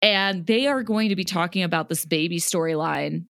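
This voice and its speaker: A woman's voice: fairly low pitch, moderate pace, gravelly, fairly bright tone, no echo. Young woman, chatty podcast co-host, giggles a lot, dry close sound. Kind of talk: casual chat recapping a reality show.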